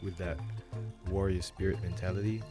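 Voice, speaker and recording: A man's voice: deep voice, steady tone, normal speed, over music. A young man giving a rambling, self-questioning monologue about a quote in a laid-back way. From Australia. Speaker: vlogger. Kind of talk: casual musing monologue.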